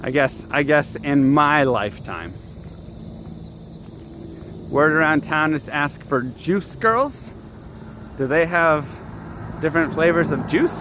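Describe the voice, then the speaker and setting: A man's voice: fairly high pitch, animated, takes it slowly, long pauses. A man streaming live while walking outdoors, chatting casually and answering his chat. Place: city street outdoors. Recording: street noise behind.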